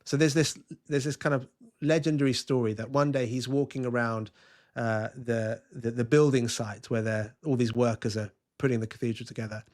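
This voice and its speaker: Man, podcast guest, eager storytelling, mid-pitched voice, frequent restarts. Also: steady tone, normal speed, a little mellow. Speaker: guest culture consultant. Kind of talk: podcast interview.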